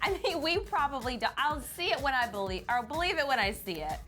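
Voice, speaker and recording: A young woman co-hosting a celebrity news show, chatty, teasing and quick to giggle. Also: high-pitched, sing-song, sharp tone, faint music behind. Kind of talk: playful celebrity news chat.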